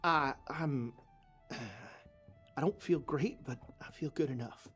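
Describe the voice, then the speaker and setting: A stubborn, sick investigator who forces the words out through clenched teeth. A woman voices the role in a deep, low register, with soft music playing behind. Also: takes it slowly, full character voice. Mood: strained. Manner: strained, through gritted teeth.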